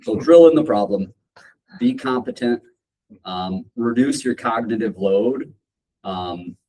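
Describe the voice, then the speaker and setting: A man moderating a casual panel, relaxed, summarizing points and asking questions. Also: mid-range voice, slow, low-quality recording.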